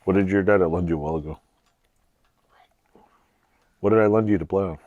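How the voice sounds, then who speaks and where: A middle-aged channel host chats casually with his daughter in his home garage workshop, joking, laid-back and laughing often. His low voice is brisk and darkish in tone, on a dry recording with the highs cut off.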